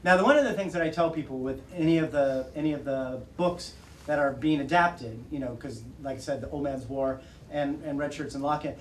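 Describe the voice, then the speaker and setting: A man in his forties, an author speaking casually to an audience at a bookstore, animated and laughing often as he acts out quotes. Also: fairly high pitch, fairly quick, a little hiss or hum. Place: bookstore event room. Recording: roomy audio from far off.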